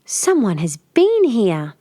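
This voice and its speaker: A woman voicing a motherly bear who growls softly and slowly in a storybook reading. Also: a little high, huge pitch swings, dry recording, clean studio sound, heavily acted. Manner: soft slow growl.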